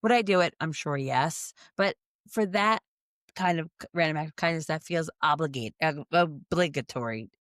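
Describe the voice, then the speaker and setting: A middle-aged woman co-hosts a podcast, telling a story in casual chat and voicing both sides of the conversation. She has a deep, fairly bright voice and speaks at normal speed. The studio sound is clean, with no echo.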